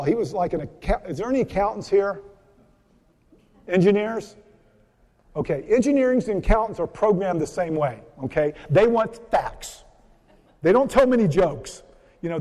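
In a reverberant hall, a high-voiced, mellow man, a physician, gives a conversational health seminar at a church, weaving in stories. His manner is folksy and repetitive, and he asks the audience questions.

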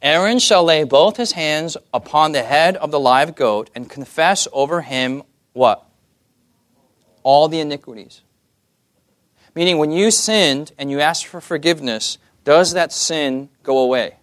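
A man delivers a sermon with a slightly raised pitch, asking the room for amens and slipping in jokey asides. The recording is dry and close, with no room echo. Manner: lively, asks the audience "amen?" often, jokey asides. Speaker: preacher.

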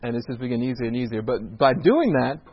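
A man who runs a restaurant tells faith stories, quotes scripture and acts out the dialogue in an animated way. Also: medium pitch, fast, slightly rough. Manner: animated storyteller acting out dialogue. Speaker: restaurant owner sharing a faith testimony. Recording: dull lo-fi recording.

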